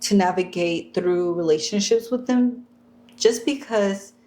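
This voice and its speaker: A woman's voice: mid-range voice, a little slow, warm tone. A married woman co-hosting a casual podcast chat, laughing often and acting out the lines she quotes. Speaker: podcast co-host.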